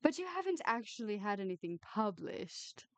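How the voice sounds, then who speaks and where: A woman's voice: medium pitch, big pitch swings, normal speed, dry recording. A woman voicing a tactless, gossipy woman at a wedding, prying and gushing in a raised, emphatic voice. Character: tactless gossipy woman, early thirties, nosy.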